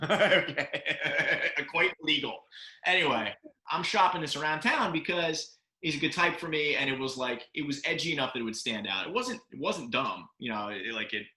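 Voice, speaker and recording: Male podcast co-host, lively storyteller, bright tone, lots of laughter, echoey room. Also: a little high, normal speed. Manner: animated, laughs often, acts out quoted lines. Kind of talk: casual anecdote telling. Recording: roomy echo.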